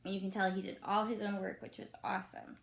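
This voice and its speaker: A woman teacher reading children's books aloud slowly and expressively, adding chatty comments between pages. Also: medium pitch, little pitch movement, vocal fry, noisy background. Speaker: elementary school teacher.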